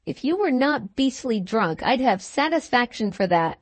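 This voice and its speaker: A woman reading the part of a young gentleman who speaks stiffly and indignantly. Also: a little high, big pitch swings, moderate pace, no room sound.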